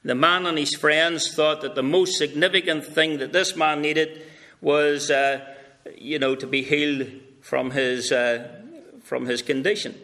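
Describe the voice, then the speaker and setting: Bright-toned slow-speaking male pastor. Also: a little high, steady tone. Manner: storytelling preacher, conversational asides. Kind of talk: sermon. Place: church.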